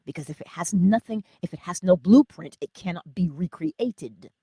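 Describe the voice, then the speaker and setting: A lively woman gives a motivational talk. Her voice is low and warm with a husky edge, and her pitch jumps around a lot as she speaks. The recording is dry and close. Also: moderate pace, no room sound. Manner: animated, laughing, talks straight to viewers. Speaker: inspirational speaker.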